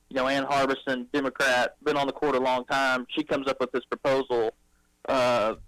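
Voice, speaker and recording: A man's voice: medium pitch, a bit bright, dry recording, low-quality recording. Southern man, dry-sounding radio guest. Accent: Southern American. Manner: conversational, explaining with fillers. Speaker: county official guest. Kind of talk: radio interview.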